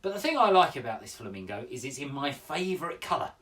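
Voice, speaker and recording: A man in his forties hosts a poetry show from his home, chatty and upbeat with plenty of fillers. His pitch bounces around a lot. He sits some distance from the mic. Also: very animated, fast talker, fairly bright tone. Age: 40s. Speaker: poet hosting a daily poetry show. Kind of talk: casual home broadcast. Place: home room.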